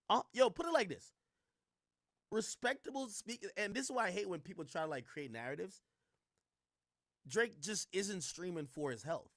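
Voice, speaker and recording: A man's voice: sits high, a bit bright, dry recording, clean studio sound. A man streaming casual reaction commentary, rambling and slangy with frequent restarts.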